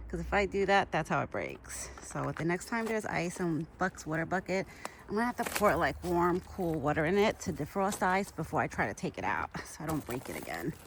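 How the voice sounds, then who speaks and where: Outdoors in a yard, a woman with a lowish voice vlogs casually while feeding a deer, with slight noise in the background. She's chatty and bubbly, laughs often, and sounds a little out of breath.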